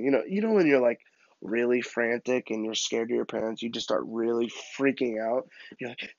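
A man tells a comic story in a loose, animated, self-mocking way. His voice is mid-pitched, and the recording is dry and a little muffled. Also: fairly quick, no echo.

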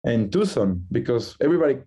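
A man whose first language is Spanish, a musician guest on a call from Madrid, talks in a chatty, animated way with many fillers and quick laughs. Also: medium pitch, husky. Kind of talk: casual interview over a call. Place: in Madrid, recorded remotely.

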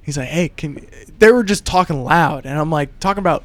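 A man, a comedian co-hosting a podcast, chatting casually and telling animated stories with loud acted-out quotes. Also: on the high side, brisk, no room sound. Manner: animated storytelling, acts out angry quotes loudly. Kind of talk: casual chat.

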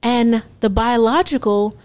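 Her voice a little high and her delivery unhurried, a woman in her forties recounts a personal testimony to an audience. The storytelling is animated, with dialogue acted out and frequent laughs between the lines.

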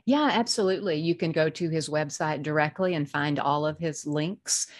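Deep-voiced woman co-hosting a podcast. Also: moderate pace. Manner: earnest, with frequent restarts and laughs. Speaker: podcast co-host. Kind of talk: casual conversation.

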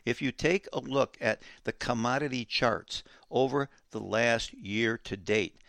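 A man hosting a financial talk show, explaining economics emphatically and repeating key words slowly for effect. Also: mid-range voice, creaky, a bit bright, no room sound, studio quality.

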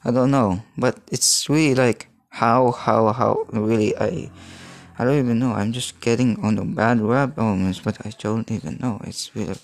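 A man in his thirties, from the Philippines, hosting a solo podcast in a halting, rambling way, often restarting as he searches for words. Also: medium pitch, no room sound. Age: 30s. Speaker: podcast host.

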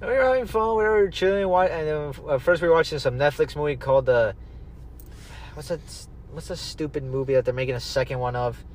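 A man's voice: a little high, quick pace, a little hiss or hum. A young man hosting a casual podcast, rambling through stories, quoting people and swearing freely. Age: young adult. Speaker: podcast host. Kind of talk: casual chat, storytelling.

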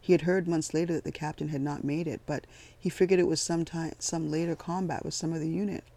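A man narrates a story in a measured, even way. His voice is gravelly and sits a little high, with a notably flat pitch. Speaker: audiobook narrator. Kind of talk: scripted narration.

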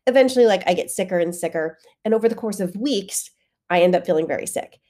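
Woman, solo podcast host, stuffy head-cold voice, warm, lowish, chatty with fillers. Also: lively intonation, quick pace. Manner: candid, conversational, with frequent fillers. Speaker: fitness coach and podcast host.

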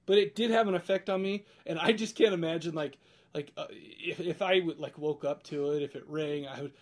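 A man hosting a podcast in casual chat, rambling and halting with frequent restarts and laughs. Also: fairly high pitch. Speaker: podcast host.

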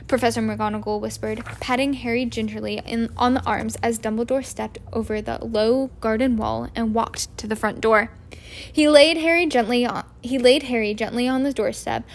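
A woman narrating a storybook aloud as an amateur reader, often stumbling and restarting words. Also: on the high side.

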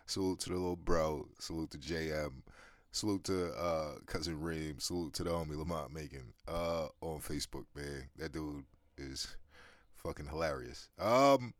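A man with an extremely deep, low voice talks off the cuff as a podcast host, rambling and swearing with lots of restarts. He's a smoker who breaks off to cough now and then. The sound is dry and close, with no room around it. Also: animated, normal speed, dry recording. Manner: rambling, profane, laid-back, many restarts and fillers. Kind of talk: casual monologue.

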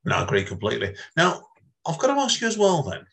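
A man's voice: on the high side, huge pitch swings, fast talker, fairly bright tone. A man hosting an interview, asking long, rambling questions that repeat themselves. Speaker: podcast host.

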